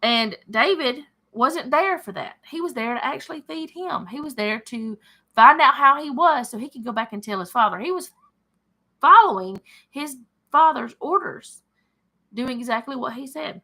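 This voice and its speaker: Bright, chatty woman reading scripture. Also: high voice, lively intonation, normal speed. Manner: chatty, thinks aloud and corrects herself. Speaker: Bible study leader. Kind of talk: reading scripture aloud with casual commentary.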